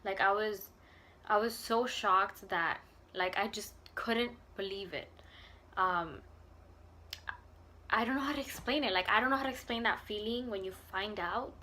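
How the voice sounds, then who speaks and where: A woman's voice: mid-range voice, unhurried, sharp tone, a little hiss or hum. A young woman telling a personal story to camera in a casual vlog, rambling and earnest, with many fillers. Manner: rambling, filler-heavy, lots of "like" and "um"; emotional and earnest. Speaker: vlogger.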